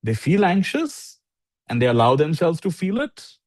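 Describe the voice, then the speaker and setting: A man's voice: a little high, wildly swooping pitch, normal speed, dry recording. Man telling a teaching story. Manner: gently direct, storytelling, acts out quoted speech. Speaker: spiritual teacher answering a caller. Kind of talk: live online Q&A, storytelling advice.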